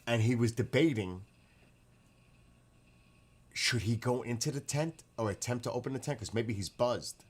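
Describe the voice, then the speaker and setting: A man hosting a casual livestream from his backyard at night, excitable, exclaiming and laughing often as he reads the chat. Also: medium pitch, normal speed, long pauses. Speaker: livestream host.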